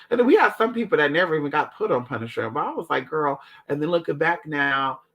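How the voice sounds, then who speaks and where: A man telling family stories in a casual chat, animated and profane. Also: a little high, muffled recording. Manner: animated, profane, dramatic, calls listeners girl. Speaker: storyteller.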